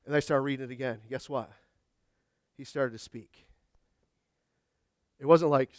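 A man's voice: medium pitch, steady tone, moderate pace, long pauses, dry recording, clean studio sound. A middle-aged man giving a conversational sermon, mixing scripture with homey jokes and acted asides. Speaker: preacher.

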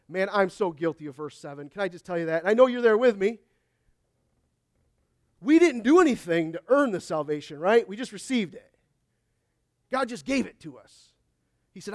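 A man's voice: high-pitched, animated, a little fast, no room sound, clean studio sound. A man, a pastor, preaching a conversational sermon at a church service, reading scripture aloud and often asking the congregation "Amen?". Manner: reads scripture aloud in old biblical wording.

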